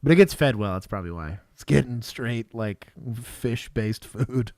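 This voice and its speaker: A man's voice: mid-range voice, expressive, moderate pace, darkish tone, dry recording, clean studio sound. A middle-aged man from Texas, a former police officer co-hosting a show, chatting casually and telling rambling stories with laughs. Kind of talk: casual chat reacting to bodycam clips.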